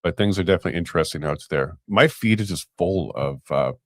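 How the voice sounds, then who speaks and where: A man with a very deep voice, chatting loosely as a co-host and chuckling often. The sound is close and dry, with no room around it. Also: fast, no room sound. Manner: relaxed, chuckling, rambling. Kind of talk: casual chat.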